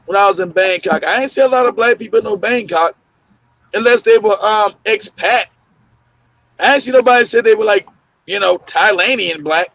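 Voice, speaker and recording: A man's voice: high-pitched, normal speed, gravelly, bright, forceful tone, dry recording. A man hosting a casual talk show, telling loose stories with many fillers, restarts and laughs. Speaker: podcast host. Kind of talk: casual conversational storytelling. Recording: muffled lo-fi audio.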